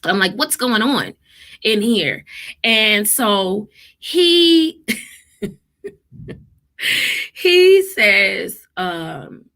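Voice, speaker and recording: A woman's voice: medium pitch, drawn-out words, vocal fry, pauses often. A woman in her thirties, a therapist and mother, telling parenting stories in a casual, emphatic vlog style. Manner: animated, emphatic, quotes people in lively voices.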